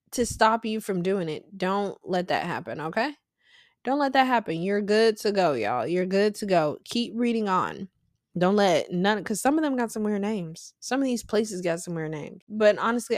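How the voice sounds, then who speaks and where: A woman's voice: mid-range voice, dry recording, studio quality. A young woman hosting a casual Bible study podcast, talking in an emphatic, conversational way with slangy asides. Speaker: podcast host.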